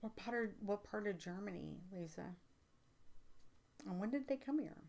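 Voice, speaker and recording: An American woman, a psychic reader, hosts a casual livestream and answers viewer comments. She rambles with lots of fillers and turns emphatic when excited. Her mid-range voice is creaky and moves at normal speed.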